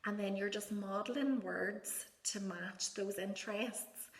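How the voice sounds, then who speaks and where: A woman speech therapist gives parents gentle, encouraging advice and models words in a soft sing-song voice. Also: mid-range voice, measured pace. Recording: echoey room.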